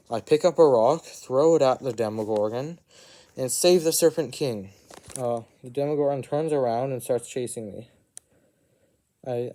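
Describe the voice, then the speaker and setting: Mellow-voiced man telling a rambling story. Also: mid-range voice. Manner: rambling, with frequent asides and self-corrections. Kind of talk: improvised first-person fantasy storytelling.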